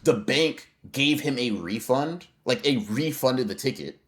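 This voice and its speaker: A young man co-hosting a podcast, telling an animated, profane story in casual slang. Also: mid-range voice, measured pace. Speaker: podcast co-host.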